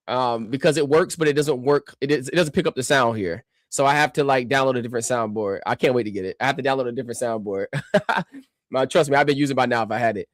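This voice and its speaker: A man's voice: medium pitch, dry recording. Combative man ranting in a dry room. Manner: combative, mocking, rambling. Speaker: streamer reacting to a clip. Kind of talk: ranting reaction commentary.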